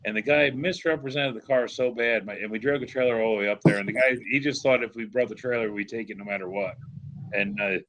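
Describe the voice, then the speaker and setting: A man's voice: medium pitch, fast talker, dull audio, very noisy. A man from upstate New York telling rambling anecdotes in a casual chat about cars. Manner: rambling anecdotes with fillers and restarts.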